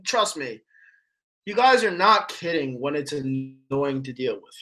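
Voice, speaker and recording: Angry guy rambling about football to his chat, cussing constantly, bright edgy voice. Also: mid-range voice, lively intonation, unhurried. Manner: angry, profane, rambling with restarts. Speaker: sports fan streamer answering chat. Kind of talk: ranting live stream commentary.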